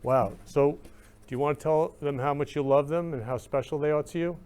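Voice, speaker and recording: A man's voice: fairly high pitch, fairly quick, darkish tone, clear, resonant tone. A male talk-show host in live-stream chat, effusive and emotional, repeating loving greetings over and over. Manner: emotional, gushing.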